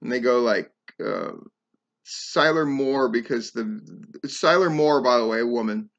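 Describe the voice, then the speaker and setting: A man's voice: medium pitch, normal speed, creaky. Middle-aged guy swearing his way through a wrestling show recap, lots of ums, kinda muffled audio. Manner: rambling, profane, frequent ums. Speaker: podcast host reviewing a wrestling show. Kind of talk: casual spoken review.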